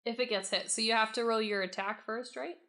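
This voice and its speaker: A woman running a tabletop game as game master. Her voice sits fairly high. She narrates in a loose, casual way. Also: steady tone, a little fast, fairly bright tone.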